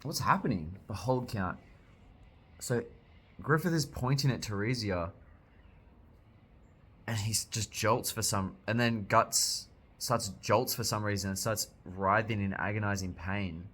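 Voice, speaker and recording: A man's voice: lowish voice, unhurried, a bit bright, slightly rough. A young man casually reviewing a comic, reacting with jokes as he reads along. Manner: chatty, jokey, reacting while reading aloud. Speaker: manga reviewer. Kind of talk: casual read-along commentary.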